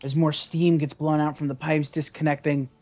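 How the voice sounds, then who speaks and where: A man's voice: fairly high pitch, flat delivery, normal speed, darkish tone. A man narrating as game master of a tabletop game, in loose, hesitant speech full of fillers. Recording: dull lo-fi recording.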